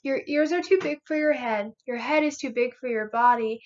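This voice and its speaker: A young woman voicing a bouncy, excitable boy kitten with squealing, playful delivery and mock Spanish flourishes. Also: sits high, moderate pace, natural voice. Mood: excited. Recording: muffled lo-fi recording.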